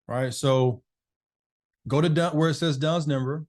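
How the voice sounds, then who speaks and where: A man's voice: a little high, fairly even intonation, measured pace, a little mellow. A man hosting a casual live online business masterclass, chatting loosely with participants by name over a video call.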